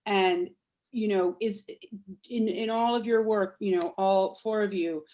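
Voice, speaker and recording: A woman's voice: medium pitch, fairly even intonation, measured pace, dark tone, muffled recording. A woman moderating an online panel who asks careful, hedging questions from the chat.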